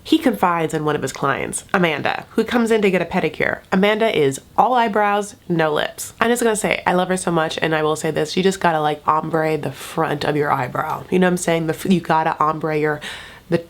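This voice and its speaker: A woman's voice: low voice, brisk. A woman hosting a casual TV recap, chatty and sassy, with frequent side remarks. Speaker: YouTube recap host.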